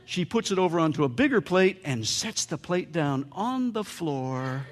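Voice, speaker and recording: Storytelling pastor in a reverberant church. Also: male voice, a little high, very animated, normal speed, a little hiss or hum. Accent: American. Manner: humorous storytelling, playful voices for quotes. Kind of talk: sermon. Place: church sanctuary.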